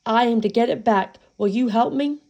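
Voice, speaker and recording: Young boy hero, plucky and earnest, read by a woman storyteller; quiet, plain delivery, storybook. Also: a little high, moderate pace, muffled recording, close to an everyday voice. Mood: determined.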